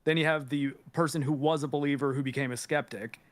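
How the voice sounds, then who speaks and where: Guy with a higher voice, animated about the movie, dry sound. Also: quick pace, dry recording. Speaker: podcast guest. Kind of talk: casual movie discussion.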